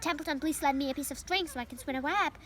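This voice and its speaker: A woman's voice: high voice, fast, a bit bright. A young woman voicing a lazy, sarcastic male rat who grumbles and mocks in disgust, reading a storybook aloud.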